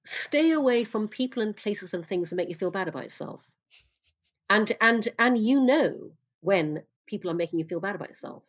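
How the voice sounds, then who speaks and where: A woman's voice: mid-range voice, lively intonation, normal speed. Blunt, outspoken woman on a lo-fi line. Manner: blunt, emphatic, swears freely. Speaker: podcast guest, coach. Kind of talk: casual interview talk.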